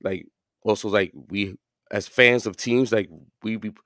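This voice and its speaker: Rambling through casual sports talk with plenty of fillers and restarts, this man co-hosts a podcast in a fairly low, steady, slightly bright voice at a slightly slow pace. The studio sound is clean and echo-free.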